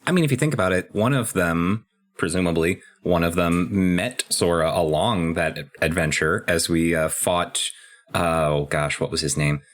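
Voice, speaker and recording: A man co-hosting a podcast, casually recapping and discussing a video game in a relaxed, chatty way. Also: sits low, moderate pace. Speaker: podcast co-host.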